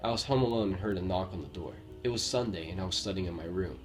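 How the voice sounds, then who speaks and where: A man from Romania with a Romanian accent, reading true scary stories aloud with a steady storytelling delivery and the odd slip. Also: low voice, fast talker. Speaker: horror story narrator. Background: faint background music.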